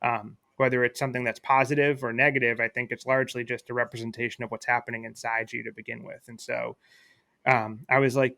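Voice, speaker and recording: Podcast guest: man with a bright voice, casual and reflective, telling a story. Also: mid-range voice, flat delivery, fast talker, creaky, dry recording. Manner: reflective, many fillers and restarts. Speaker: guest, attorney.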